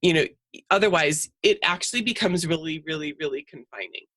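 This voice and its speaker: A woman's voice: deep voice, a little fast, fairly bright tone, no room sound. A woman hosting an interview podcast, encouraging her guest and affirming what she says. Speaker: podcast host.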